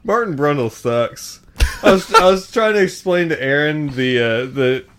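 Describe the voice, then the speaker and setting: A man's voice: on the high side, expressive, normal speed, noisy background. Laid-back swearing man podcasting. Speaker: podcast co-host. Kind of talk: casual chat.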